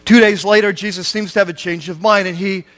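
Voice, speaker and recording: A man's voice: high voice, steady tone, fairly quick, a bit bright. A man preaching a sermon, retelling a scripture story in everyday speech with rhetorical questions to the listeners.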